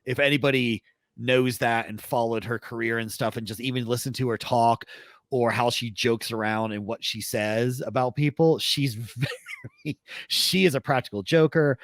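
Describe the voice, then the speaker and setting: A man co-hosting a podcast in casual chat, telling stories in an animated, profane way. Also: medium pitch, moderate pace, no echo. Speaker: podcast co-host.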